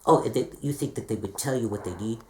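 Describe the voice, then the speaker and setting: A man's voice: mid-range voice, fast, roomy sound, slight background noise, pitched below the performer's own voice, close to an everyday voice. A man playing a timid young seminar attendee. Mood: unsure. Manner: hesitant, soft, unsure.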